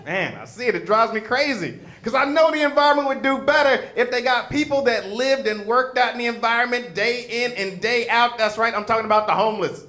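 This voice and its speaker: A stand-up comedian from Chicago hosting a show and telling stories with punchy timing. His voice sits high and bright, and he speaks into a handheld stage mic. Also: fairly quick. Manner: animated storyteller, punchy. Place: comedy stage before an audience.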